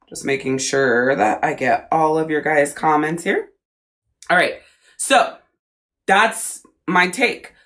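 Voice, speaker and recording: A woman's voice: low-pitched, lively intonation, slow, a bit bright. A woman coach giving a blunt, profane, casual talk on a live video stream, speaking straight to her viewers.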